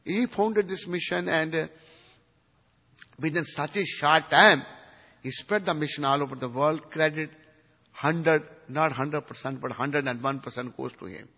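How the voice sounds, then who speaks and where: Husky man giving a devotional lecture. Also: on the high side, unhurried. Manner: swings from hushed to emphatic, asks the audience questions. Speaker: spiritual teacher. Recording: dull recording in a reverberant hall.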